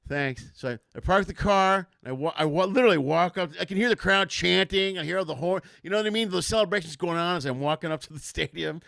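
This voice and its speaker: A man's voice: high voice, fast, gravelly, hardly any pauses, no echo, clean studio sound. A man hosting a casual comedy podcast, rambling through stories and acting out what people said. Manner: rambling storyteller, animated, acts out quotes. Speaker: host.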